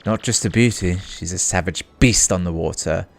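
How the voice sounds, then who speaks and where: A man's voice: low voice, normal speed, vocal fry, soft background music. A man voicing a pompous, vain, rich ship owner who talks in a grand, boastful, theatrical way.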